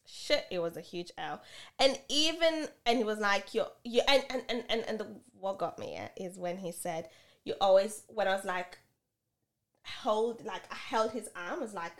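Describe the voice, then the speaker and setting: A woman co-hosting a chatty podcast, telling her story in an animated way. She acts out both sides of an argument as she goes, her pitch sitting in an ordinary middle range. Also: normal speed. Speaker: podcast co-host. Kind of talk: casual podcast chat.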